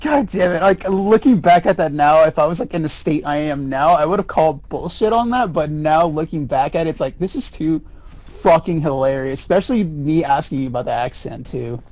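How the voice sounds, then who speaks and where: Podcast guy, kinda high voice, swearing and reacting out loud. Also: animated, fairly quick. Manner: exclamatory, profane reactions. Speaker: podcast co-host. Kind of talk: casual chat.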